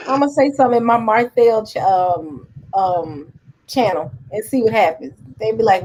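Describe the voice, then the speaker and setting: A woman's voice: fairly high pitch, lively intonation, moderate pace, a little mellow, breathy edge. A woman hosting a casual livestream panel, teasing and laughing with her guests. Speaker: host.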